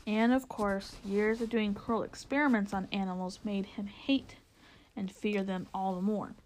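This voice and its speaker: A woman reads a children's novel aloud at a mid pitch. Her telling is steady and plain, now and then tripping over a word and starting it again. It sounds like a home-made audiobook reading. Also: unhurried. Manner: steady storytelling with occasional stumbles and restarts. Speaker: narrator.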